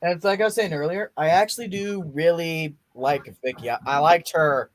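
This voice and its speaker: A man's voice: fairly high pitch, normal speed. A young man hosting a casual movie watch-along, rambling enthusiastically with frequent restarts. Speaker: podcast host.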